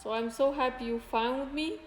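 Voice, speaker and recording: A woman hosting a casual live stream, chatting with viewers in a soft-spoken, halting and grateful way. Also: high voice. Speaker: fitness streamer. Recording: roomy echo with faint music.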